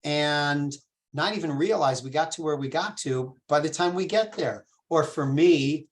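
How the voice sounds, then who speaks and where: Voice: mid-range voice, a little slow. Rabbi teaching a casual text class; patient, informal, asks the group questions. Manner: informal, with fillers and restarts. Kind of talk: conversational Torah class.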